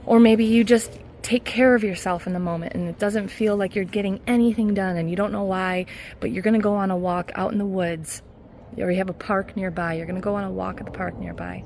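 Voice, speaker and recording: Earnest woman coach, soft laughs. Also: medium pitch, fairly even intonation, fairly quick, creaky, a little hiss or hum. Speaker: hypnotherapist and mindset coach. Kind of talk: casual self-help vlog talk.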